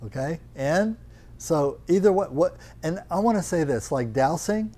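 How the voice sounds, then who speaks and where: An older man leads a live yoga class in a teaching room, explaining with quick questions and teasing his students. His voice sits a little high. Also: lively intonation, warm tone.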